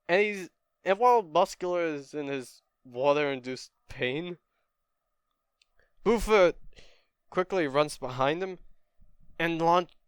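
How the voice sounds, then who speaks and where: Brief: laid-back young male storyteller, crisp and dry close mic. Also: a little high, a bit bright, no echo. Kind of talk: casual fan-story retelling.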